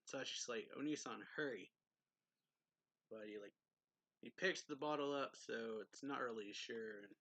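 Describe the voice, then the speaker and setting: Bright-voiced chatty man reviewing. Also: mid-range voice, dry recording. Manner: loose and chatty, heavy use of "like" and "um", quick laughs. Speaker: manga reviewer. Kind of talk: casual plot recap review.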